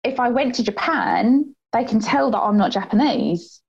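A woman's voice: on the high side, very animated, moderate pace, gravelly, a little mellow, breathy edge, highs cut off. A woman with a Cockney English accent talking openly and reflectively as an interview guest, with many fillers. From England. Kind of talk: candid conversational interview.

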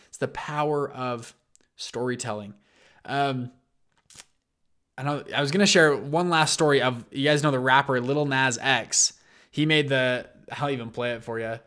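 A male show host casually retells stories, animatedly performing the quoted lines and often restarting his sentences. He speaks at a medium pitch and a normal speed.

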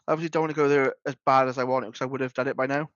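Speaking at a racing clip, this male podcast co-host has a medium-pitched, flat, fairly bright voice as he rambles casually, often restarting and filling gaps. The audio is echo-free, dry, dull, and slightly lo-fi.

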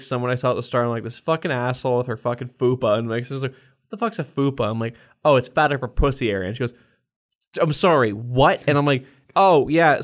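A young man co-hosting a podcast, telling loose stories in casual chat, swearing often and laughing along as he goes. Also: medium pitch. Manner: swears constantly, laughs through his own stories. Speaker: podcast co-host.

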